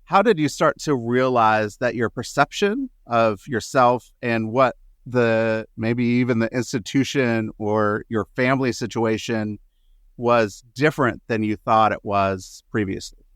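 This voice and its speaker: A man hosts an interview, asking long, thoughtful questions at a medium pitch. He feels his way through them, correcting himself mid-phrase. The sound is close and dry. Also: unhurried, no echo. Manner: thoughtful, searching, with self-corrections. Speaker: podcast host.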